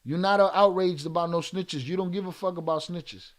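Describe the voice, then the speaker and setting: A man with a high-sitting voice talks briskly while livestreaming, angrily berating a viewer in chat and swearing hard throughout the rant.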